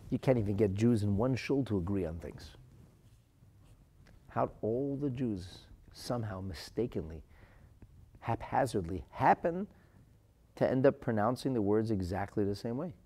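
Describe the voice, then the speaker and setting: A man teaching a Talmud lesson, asking rhetorical questions, reading Aramaic phrases and translating them, moving from quiet asides to loud emphasis. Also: lowish voice, expressive, normal speed, pauses often, husky.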